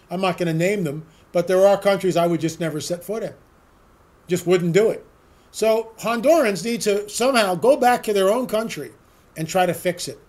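A man's voice: high-pitched, darkish tone. A man hosting a political talk show, delivering an emphatic, sarcastic opinion monologue full of rhetorical questions.

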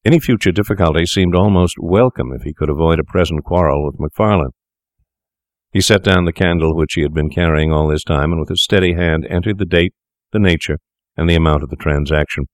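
A man narrating a story in a measured, grave manner. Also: low voice, no echo, clean studio sound. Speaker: audiobook narrator. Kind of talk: scripted narration.

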